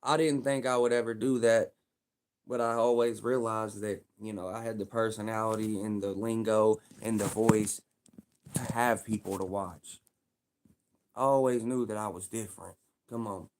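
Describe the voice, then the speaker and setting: A man's voice: on the low side, fairly even intonation, normal speed. A young man with a Louisville, Kentucky accent, talking casually on his livestream in a rambling, repetitive way full of street slang.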